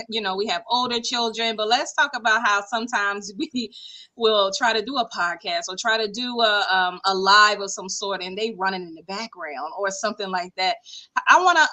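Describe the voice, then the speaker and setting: Woman podcast host, bright clear voice, lively casual chat. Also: fairly high pitch. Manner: lively, conversational, upbeat.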